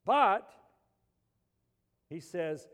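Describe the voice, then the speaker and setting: A man preaches a sermon with a high voice, pressing hard on key lines and then falling to a hushed intensity. His words ring out with a long reverb tail, as in a large hall. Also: drawn-out words. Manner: animated preaching, swings between loud emphasis and quiet intensity. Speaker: pastor.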